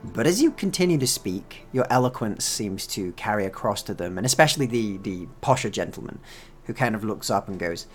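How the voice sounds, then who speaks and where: A man narrating a tabletop game as game master, descriptive and relaxed, with many fillers. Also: on the low side, fairly quick, faint music behind.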